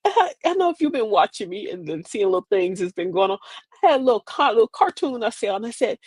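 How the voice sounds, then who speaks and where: Woman in her 40s, aave, chatty livestream host, pitch all over the place, dry close sound. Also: fast, breathy edge, dry recording. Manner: animated, talks to viewers, acts out quoted voices. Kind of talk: casual livestream monologue.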